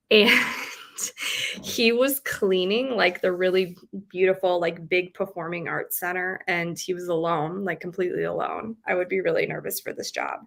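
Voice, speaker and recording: A woman's voice: mid-range voice, sharp tone. A young woman chatting casually on a live stream as host, giggly and full of filler words. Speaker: livestream host.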